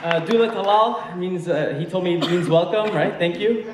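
A man's voice: high voice, moderate pace. A young man doing a stand-up set, telling a story in a chatty way with many fillers. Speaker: stand-up comedian. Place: comedy stage with a live audience. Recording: echoey venue from far off, faint noise.

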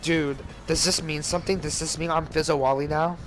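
A young man hosting a gaming video, yelling profane trash talk and laughing at his friend. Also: on the high side, fairly even intonation, a little fast, a little hiss or hum, rough recording. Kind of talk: casual gaming commentary.

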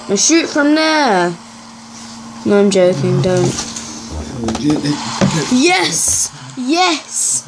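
Excitable woman commenting on gameplay. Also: a little high, slow, pauses often, background noise. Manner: excitable, chatty, swings between cheers and mutters. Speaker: gaming channel host.

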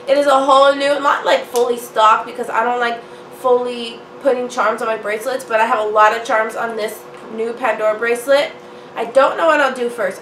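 A young woman, hoarse from a cold, chatting sassily to her phone camera and calling her viewers honey. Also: a little high, fairly bright tone, slight background noise. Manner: sassy, playful, addresses viewers as honey and y'all. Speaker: jewelry vlogger. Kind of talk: casual chat to camera. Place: small room at home. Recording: echoey room with faint ambience.

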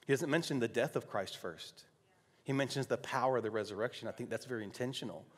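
A male pastor preaching a sermon, telling a personal story softly and then rising to loud, emphatic declarations. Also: mid-range voice, fast, breathy edge. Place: church sanctuary. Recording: long hall reverb.

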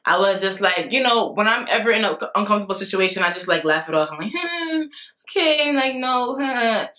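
A young adult woman vlogger tells a story in a casual storytime vlog, talking fast in a mid-range voice. She's dramatic and animated, laughing things off and acting out what people said.

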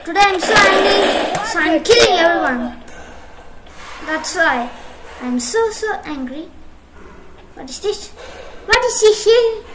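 Woman gamer with a very high voice, unhurried and excitable, in an echoey room with loud noise behind. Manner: excitable, apologetic, bursts of shouting. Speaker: mobile game streamer. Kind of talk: casual gameplay commentary. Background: loud ongoing noise and clicks.

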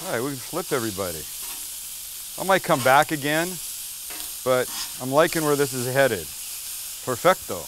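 A man's voice: medium pitch, animated, moderate pace, pauses often, fairly bright tone, slight background noise. A middle-aged man hosting a casual cooking demo, chatty and teasing as he cooks. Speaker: cooking show host.

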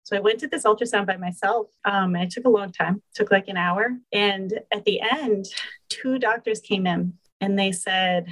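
A woman's voice: mid-range voice, normal speed, fairly bright tone, rough recording. A woman in her forties from Boston, candidly telling her personal story as a podcast guest.

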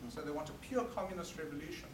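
A South African man giving an earnest, forceful talk to an audience at an evening meeting. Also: fairly high pitch, fast, noisy background. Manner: earnest and forceful, emphatic repetition. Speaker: guest speaker. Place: meeting hall. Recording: roomy hall recorded from a distance.

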